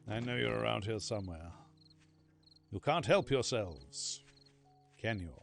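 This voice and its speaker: A male game streamer rambles casually through his play, swearing freely. His voice is gravelly and creaky and his pitch moves in lively swings. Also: unhurried, faint music behind. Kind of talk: casual gameplay commentary.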